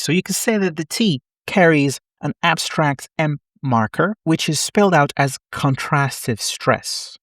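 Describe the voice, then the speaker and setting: A man's voice: medium pitch, no room sound, clean studio sound. A man teaching an online syntax lesson, explaining step by step with frequent self-corrections and wry asides. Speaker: linguistics lecturer.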